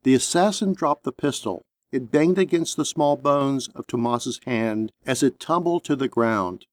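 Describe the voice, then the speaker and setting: A man narrating an action story in a steady, measured audiobook reading. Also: medium pitch, no room sound, clean studio sound.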